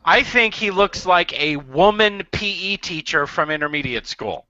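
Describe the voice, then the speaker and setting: Bright, sharp-voiced male co-host, sarcastic comedy riffing, dull lo-fi mic. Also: on the high side, expressive, moderate pace, clean tone, no echo. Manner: sarcastic, mocking. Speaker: co-host, puppeteer.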